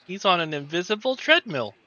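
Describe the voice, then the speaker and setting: A man's voice: high voice, very animated, a little fast, sharp tone, highs cut off. A man casually commenting on a game he is playing, playful and laughing often. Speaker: gameplay streamer.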